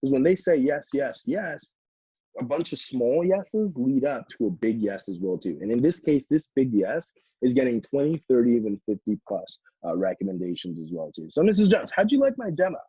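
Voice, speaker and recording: A young man training salespeople, acting out a sales pitch in a casual, upbeat way full of "like" fillers. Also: animated, normal speed, dark tone, breathy edge, no echo. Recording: dull, slightly lo-fi dry sound.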